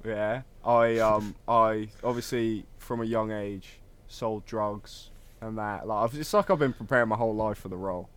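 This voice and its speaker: A man's voice: lowish voice, fairly even intonation, normal speed, few pauses, clear, resonant tone. Young guy rambling on a podcast, lots of um and like, puts himself down. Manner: rambling, self-deprecating, full of fillers. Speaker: podcast co-host. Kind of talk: casual chat.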